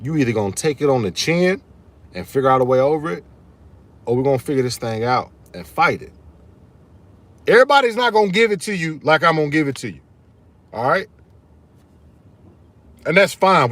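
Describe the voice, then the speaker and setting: Fired-up man ranting live, high voice. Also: lively intonation, fairly quick, long pauses, fairly bright tone, no echo. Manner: fired-up, emphatic, repeats key phrases, addresses viewers as y'all. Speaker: channel host streaming live. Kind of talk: casual live-stream rant to viewers.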